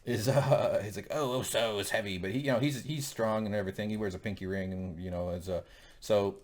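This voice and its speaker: A man co-hosting a TV recap show in casual chat, rambling and jokey, with lots of fillers and quick laughs. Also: lowish voice, steady tone, darkish tone.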